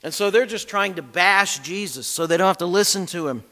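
A man's voice: sits high, a little fast, pushed and bright, in a large hall. A man preaching an expository sermon, emphatic as he reads scripture aloud and explains it.

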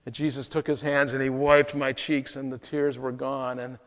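A male pastor preaching an emotional first-person story, heartfelt, going from hushed to exclaiming, in a church sanctuary. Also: medium pitch, flat delivery, normal speed. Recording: long hall reverb.

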